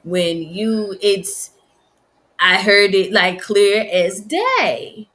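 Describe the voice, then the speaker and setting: A middle-aged woman, telling the story of losing her son in slow, halting, emotional speech. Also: mid-range voice, expressive, a bit bright. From Virginia. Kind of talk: personal testimony.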